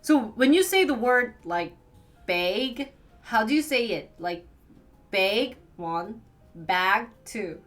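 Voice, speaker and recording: Speaking slowly in a fairly high voice with big swings in pitch, this young northern U.S. streamer giggles through a casual chat with her viewers. She fills her sentences with "like," and soft background music plays behind her.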